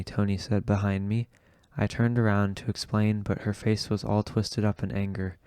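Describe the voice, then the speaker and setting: A man reading an audiobook aloud in a slow, measured way. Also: lowish voice, monotone, darkish tone, smooth, no echo. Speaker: audiobook reader. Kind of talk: audiobook narration.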